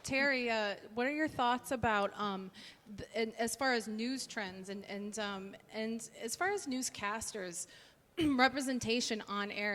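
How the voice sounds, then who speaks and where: A woman with a fairly high voice moderates a panel, asking curious questions with hesitant restarts. Her voice rings in a reverberant hall. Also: fairly bright tone. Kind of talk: panel discussion.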